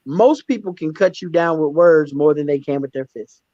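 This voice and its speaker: A man telling candid stories as a guest in a conversational interview, emphatic and animated, often repeating words as he restarts. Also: a little high, normal speed, no echo, lo-fi sound. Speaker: stand-up comedian and guest.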